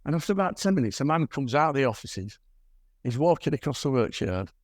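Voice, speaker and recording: A man's voice: medium pitch, very animated, fast talker, no room sound. An older man gives a chatty slide talk to a camera club, telling stories with dry, wry humour. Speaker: guest presenter at a camera club. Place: club meeting room.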